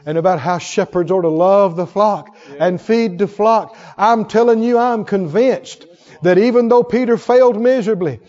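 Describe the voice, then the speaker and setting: A man preaching a sermon with fervor, swinging from hushed tones to shouts. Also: sits high, normal speed, hardly any pauses. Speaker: pastor. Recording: dull sound in a long-reverb hall.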